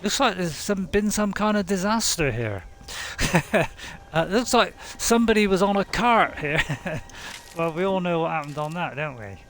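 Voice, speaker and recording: A man's voice: sits high, animated, measured pace, fairly bright tone. A man, a game streamer, giving casual, rambling let's-play commentary full of asides. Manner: chatty, rambling, many fillers and asides.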